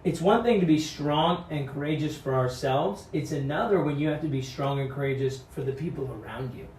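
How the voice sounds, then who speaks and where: A man delivers an earnest devotional sermon, exhorting and repeating his key lines. His voice sits a little high. The recording rings in a reverberant room, with faint background hiss. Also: brisk, a little mellow. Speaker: pastor. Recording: echoey room, mic at a distance.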